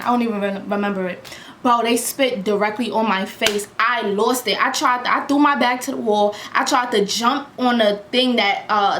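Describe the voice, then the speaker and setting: Animated young woman telling a story, echoey room. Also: on the high side. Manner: animated, slangy, acts out quotes loudly. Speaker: vlogger. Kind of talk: storytime vlog. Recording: echoey room with faint background hum.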